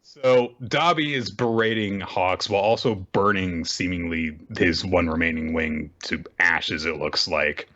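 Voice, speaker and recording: In a casual chat, a deep-voiced man co-hosting a manga recap podcast speaks unhurriedly with few pauses. He animatedly retells scenes and acts out quoted lines, though the audio's highs are cut off.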